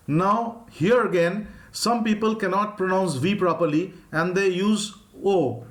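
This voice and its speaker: A man's voice: high voice, moderate pace, roomy sound. A man with an Indian English accent teaching an online phonetics lesson, patiently modelling sounds for students to repeat.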